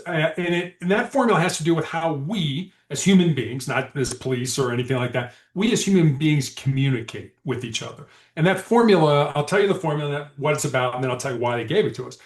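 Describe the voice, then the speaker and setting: A man's voice: fairly high pitch, expressive, a little fast, hardly any pauses. A man guest on a podcast, telling stories in a conversational way and acting out quoted dialogue with animation. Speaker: podcast guest, former hostage negotiator. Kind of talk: conversational storytelling. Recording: echoey room.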